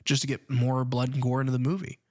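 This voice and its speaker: A man co-hosting a casual film podcast, recapping the plot in an even way with frequent ums and uhs. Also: mid-range voice, fast. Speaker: podcast co-host.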